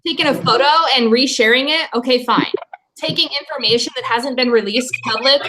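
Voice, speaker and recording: A woman's voice: sits high, brisk, noisy background. Upset, swearing woman streamer. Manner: upset, profane, apologetic. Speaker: stream host. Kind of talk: emotional livestream talk.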